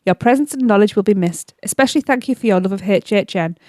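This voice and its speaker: A woman's voice: medium pitch, fast, dark tone, no echo, studio quality. A woman co-hosting a podcast, reading out listener farewell messages in a sympathetic way. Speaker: podcast co-host.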